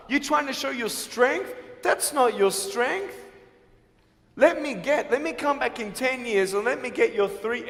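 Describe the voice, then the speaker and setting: A man giving an emphatic motivational speech to a school audience, swinging between hushed and loud. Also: extremely high pitch. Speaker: motivational speaker. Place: large school hall. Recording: echoey hall reverb.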